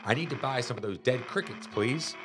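A man's voice: medium pitch, expressive, fairly quick, over music, lightly acted. A man reading a storybook, voicing a shy, curious young boy who speaks hesitantly. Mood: unsure.

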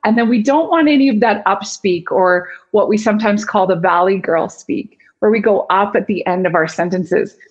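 A woman's voice: medium pitch, normal speed, few pauses, lo-fi sound. A woman guest speaker and communication coach who explains with energy and demonstrates vocal tones as she goes. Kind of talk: instructive interview talk.

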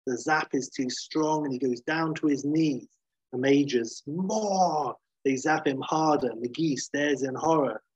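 A man retelling a story at length in a casual, lively way, swearing now and then and acting out the characters' lines. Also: medium pitch, measured pace, husky, dry recording. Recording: dull muffled lo-fi sound.

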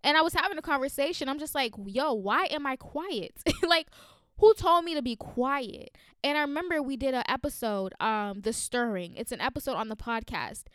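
A young woman speaks close to the mic with a slightly high, smooth voice. She sounds like she has just been crying. She talks about her faith in an earnest, rambling way with lots of fillers. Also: no room sound. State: recently crying. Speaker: podcast host. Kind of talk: heartfelt faith monologue.

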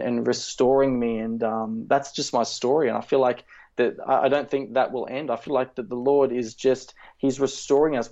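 A man in his thirties tells a personal faith story in an earnest, halting way, full of fillers and restarts. His voice sits at a middle pitch. The recording is slightly dull and lo-fi. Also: warm tone. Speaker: speaker sharing a testimony.

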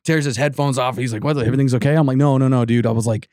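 Man, middle pitch, dry close sound, casual rambling storyteller who quotes himself a lot. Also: fairly even intonation, very fast, darkish tone, no room sound. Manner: rambling, full of "like" and restarts, acts out quotes. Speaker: podcast co-host telling a ghost story.

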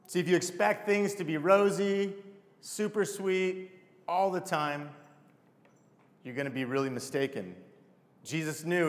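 A man's voice: on the high side, unhurried, big-room sound. A man preaching a casual, heartfelt sermon to a congregation, calling them "you guys". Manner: casual, emotional, addresses crowd as "you guys". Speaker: pastor.

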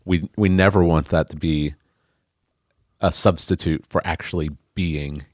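A man with a very deep voice hosts a podcast in easygoing chat. He speaks genially and often restarts his sentences. The recording is dry and close. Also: fairly even intonation, a little slow, a little mellow, dry recording. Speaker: podcast host. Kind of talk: casual chat.

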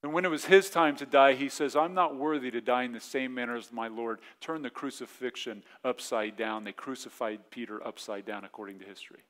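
A man in his forties preaching a sermon as pastor, in a conversational way, acting out quick voiced asides. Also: mid-range voice, steady tone, fairly bright tone.

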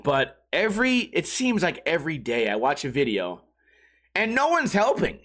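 A man's voice: a little high, moderate pace. A young adult man ranting casually and profanely, acting out other people's voices. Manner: profane, animated, acts out yelling voices.

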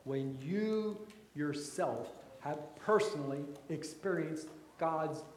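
Slow, deliberate male preacher in an echoey room. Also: a little high, slight background noise. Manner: slow, deliberate preaching with emphatic rises and soft drops. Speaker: pastor. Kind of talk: sermon.

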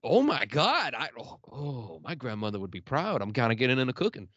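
A man's voice: medium pitch, no room sound. A man hosting a podcast in a casual, jokey chat, often breaking into laughter. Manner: animated, jokey, quick to laugh. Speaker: podcast host. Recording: dry, dull lo-fi audio.

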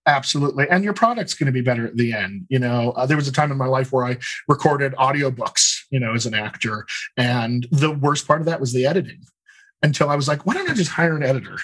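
This man, a dialect coach and actor, answers interview questions thoughtfully and explains as he goes. His voice sits in the mid-range with a fairly bright tone, and he often pauses on "you know" and restarts phrases.

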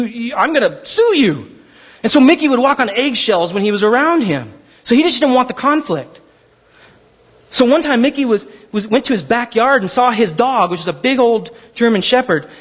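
A man's voice: sits high, muffled recording. A man preaching a sermon as pastor, telling stories animatedly and acting out the voices of the people in them.

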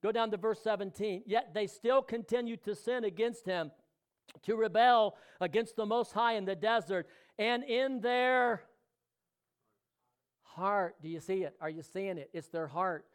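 Preaching at a measured pace, this pastor has a smooth voice that sits high. He alternates between loud urging and quiet, intimate moments, addressing questions straight to his congregation.

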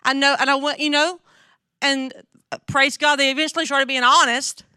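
Here a women's ministry speaker from the American South, middle-aged and Southern-accented, preaches conversationally to a women's gathering. Her high voice stays steady at normal speed, pushed and bright, as she talks candidly and poses questions to the audience. It's studio quality, with no room sound.

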